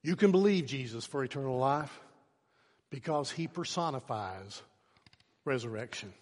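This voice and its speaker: A man preaching a sermon as pastor, swinging from hushed, slow phrases to shouting for emphasis. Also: medium pitch, lively intonation. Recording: long hall reverb.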